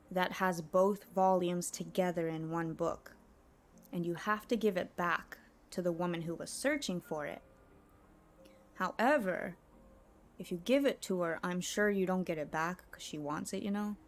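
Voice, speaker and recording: Soft-spoken, giggly woman streamer. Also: lowish voice, a little slow. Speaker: game streamer. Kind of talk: casual live-stream chat.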